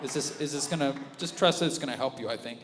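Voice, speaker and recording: A male pastor preaching an animated sermon, dropping to a hush and then rising loud again. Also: mid-range voice, quick pace. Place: church auditorium with reverb. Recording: live church audio with long reverb and music underneath. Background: worship music.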